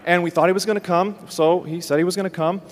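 Animated man telling a story in a reverberant hall. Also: high-pitched, fast. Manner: animated storyteller acting out quotes. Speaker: host. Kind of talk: storytelling in a ministry talk.

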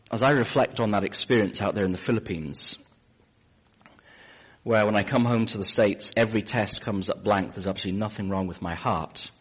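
Husky middle-aged English preacher. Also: male voice, on the low side, highs cut off. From England. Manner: wry, conversational, with frequent restarts. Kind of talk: sermon storytelling.

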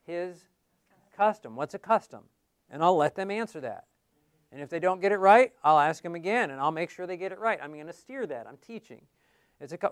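A man's voice: high voice, expressive, brisk, clear, resonant tone, no room sound, clean studio sound. A man teaching a class on how to give Bible studies, in a conversational way that keeps asking the class questions.

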